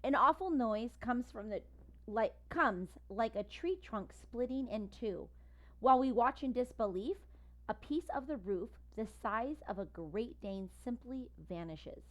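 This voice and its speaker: A woman reading a first-person children's story aloud with lively, expressive narration. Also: on the high side, measured pace, lo-fi sound. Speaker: audiobook reader.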